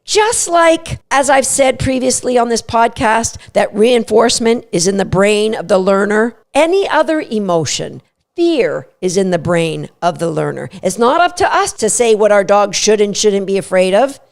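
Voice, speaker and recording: A woman hosting a dog training podcast, explaining dog emotions and sometimes speaking a dog's thoughts in a lower, softer voice. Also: expressive, moderate pace, vocal fry. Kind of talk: instructional podcast talk.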